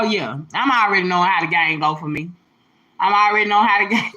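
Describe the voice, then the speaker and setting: A woman, hosting a livestream and telling stories in an animated way, laughing, swearing and calling her viewers y'all and baby. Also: mid-range voice, a little fast, low-quality recording. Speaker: livestream host. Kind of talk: casual storytelling to viewers. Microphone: phone or webcam livestream.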